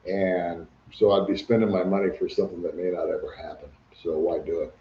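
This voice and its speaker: A man's voice: low-pitched, level tone, fairly quick, slight background noise. Older man chatting on a livestream. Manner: reads viewer comments aloud, chatty. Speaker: livestream host. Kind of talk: casual livestream chat. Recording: echoey room, dull lo-fi sound.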